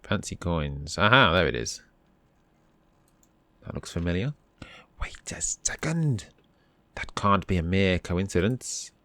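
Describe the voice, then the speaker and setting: A man's voice: sits low, a little slow, pauses often, no room sound. A man hosting a let's play, reading the game's text aloud and adding dry asides. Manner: dry asides, reads on-screen text in a steady voice.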